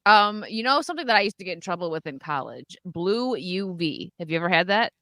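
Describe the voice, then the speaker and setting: A woman's voice: fairly low pitch, very animated, a little fast, pushed and bright, no room sound. A woman hosting a casual party live stream, chatty and giggly, thanking viewers for their donations.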